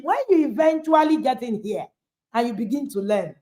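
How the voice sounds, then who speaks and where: A woman's voice: a little high, animated, rapid-fire, warm tone. Lady coach talking over a video call, emphatic, asks lots of questions. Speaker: parenting coach and host. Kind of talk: motivational talk to listeners.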